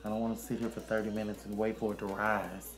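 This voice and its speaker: A man's voice: fairly low pitch, little pitch movement, quick pace, over music. A man, a makeup artist giving a sassy, chatty casual makeup tutorial. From Arkansas, USA. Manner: sassy and chatty, calls viewers honey and child.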